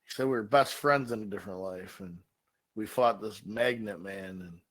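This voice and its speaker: A man on the low side speaks at normal speed, with poor audio quality. As co-host of a comedy podcast, he launches into a made-up bar-fight story, cursing constantly in an energetic, profane style.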